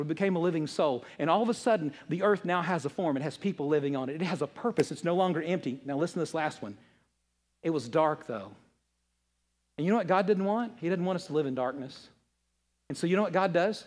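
High-voiced man preaching with emphasis. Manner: emphatic preaching, swings between loud and hushed; asks the audience rhetorical questions. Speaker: pastor. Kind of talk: sermon.

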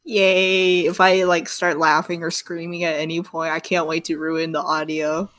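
A woman's voice: low-pitched, flat delivery, moderate pace, a bit bright. A woman player chatting casually before a tabletop game, sleepy and dry-witted, on a home microphone over a call. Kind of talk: casual chat.

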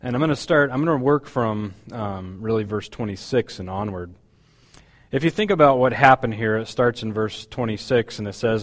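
A man's voice: on the low side, moderate pace, in a large hall. A man preaching a sermon as pastor, talking in a conversational, hesitant way with many fillers.

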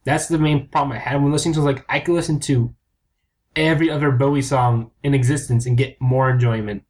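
A man's voice: medium pitch, steady tone, fast, darkish tone. A man co-hosting a podcast in casual chat, blunt and teasing, swearing freely. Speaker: podcast co-host.

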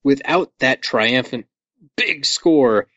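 A man's voice: mid-range voice, slow pace, fairly bright tone, dry recording. A man co-hosting a podcast, chatting casually and enthusiastically about a movie, with some swearing and joking. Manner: enthusiastic, profane, jokey. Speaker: podcast co-host. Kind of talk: casual movie commentary chat. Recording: dull lo-fi dry sound.

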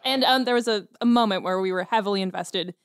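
A woman in casual group chat, excitable and giggly. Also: medium pitch, quick pace.

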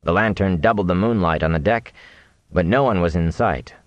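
A man reading a fantasy novel aloud in animated, expressive audiobook narration. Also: low-pitched, normal speed, dry recording, muffled recording.

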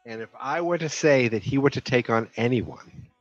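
A man co-hosting a casual podcast, trading dry, deadpan quips. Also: medium pitch, moderate pace, highs cut off, soft background music. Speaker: podcast co-host.

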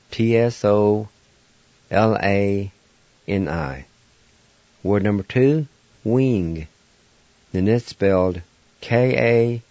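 A man's voice: on the low side, dark tone, no room sound. A man hosting a radio language lesson, spelling out words letter by letter and repeating each syllable methodically. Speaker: radio host teaching language vocabulary. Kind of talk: slow, patient spelling and pronunciation drill. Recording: dull lo-fi radio recording.

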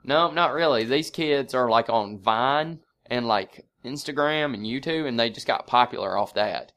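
A man in casual podcast chat, telling profane stories with animated energy. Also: mid-range voice, normal speed. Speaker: podcast co-host.

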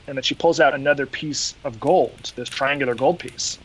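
A man's voice: mid-range voice, normal speed, hardly any pauses, a little hiss or hum, rough recording. A man hosting a podcast, retelling an episode in casual chat and acting out quotes along the way. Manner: animated retelling with acted quotes. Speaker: podcast host.

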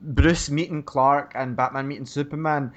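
A man's voice: a little high, steady tone, normal speed, dull audio. A Scottish man co-hosting a podcast, chatting casually about films with frequent ums and easy laughter. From Scotland. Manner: hesitant, many ums, laughs easily. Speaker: podcast co-host.

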